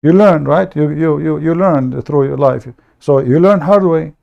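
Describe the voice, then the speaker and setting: A man from the Middle East speaks English with an Arabic accent, his voice low and gravelly with a dark, mellow tone. He talks bluntly and jokes at his own expense, often stumbling over and repeating words in a casual livestream monologue. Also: a little slow, lo-fi sound. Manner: blunt, joking, self-mocking, repeats words. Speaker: online debate show host.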